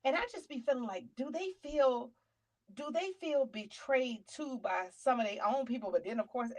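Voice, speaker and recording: A middle-aged woman hosting a casual talk show, animated and preachy, now and then shouting out names. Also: sits high, low-quality recording. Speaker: show host.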